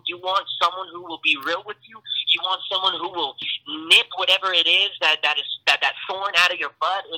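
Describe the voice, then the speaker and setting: A man's voice: high-pitched, bright, forceful tone, poor audio. A young man giving an earnest personal testimony as a podcast guest, talking casually with many fillers. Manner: earnest, storytelling with lots of fillers.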